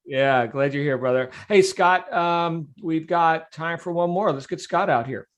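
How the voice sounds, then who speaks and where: A man's voice: on the high side, measured pace, fairly bright tone. Upbeat middle-aged man hosting a call. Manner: friendly, chatty, encouraging. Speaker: host of a daily group call.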